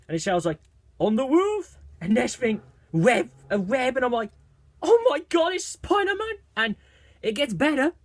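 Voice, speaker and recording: A man with a fairly high voice talks through a movie trailer in a casual video review. He gets excited and rambles, circling back and restarting his sentences. The sound is close and dry, with no room around it. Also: no echo.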